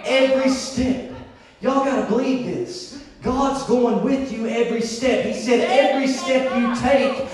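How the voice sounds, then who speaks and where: Fervent high-voiced preacher. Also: male voice, takes it slowly, a crowd in the background. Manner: fervent, rhythmic, repeating phrases. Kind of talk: revival sermon. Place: church sanctuary. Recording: echoey church from far off.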